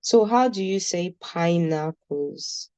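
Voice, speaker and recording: Slow gravelly Nigerian woman teaching. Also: lowish voice, expressive, a little mellow, no echo, rough recording. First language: Nigerian English speaker. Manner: patient, repeats words slowly for students. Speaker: German language teacher. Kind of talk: online class teaching.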